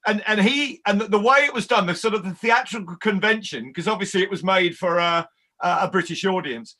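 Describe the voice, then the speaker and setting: A man's voice: high-pitched, fairly quick, bright, forceful tone. A man on a casual video-call panel, talking in a thoughtful, rambling way. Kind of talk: casual live panel chat.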